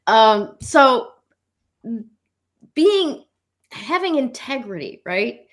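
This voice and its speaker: A woman's voice: a little high, big pitch swings, very slow. A middle-aged woman co-hosting a spiritual talk show, telling a personal story in a candid, casual way with frequent fillers and the odd swear word.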